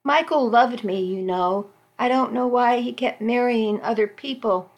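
A woman's voice: on the high side, a little slow. A woman reading the part of a cold, scheming woman who speaks sharply and with contempt, in a story read aloud. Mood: spiteful.

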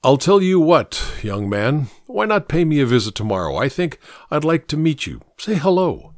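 A man reading an audiobook, voicing a tired older bishop who speaks in a slow, measured way. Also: fairly high pitch, sing-song, darkish tone, no room sound, studio quality, voice pushed up. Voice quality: tired, intoning. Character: weary, smooth-talking older male bishop.

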